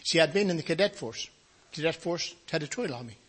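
An older man preaching his own testimony, with a husky, slightly breathy voice. He tells his story in a folksy way and slips into other people's voices as he goes. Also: on the high side, lively intonation, quick pace, a bit bright. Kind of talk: testimony sermon.

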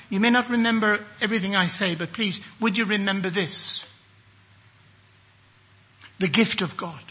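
A man's voice: high-pitched, pushed and bright. An older man from England preaching a sermon emphatically, acting out the voices he quotes.

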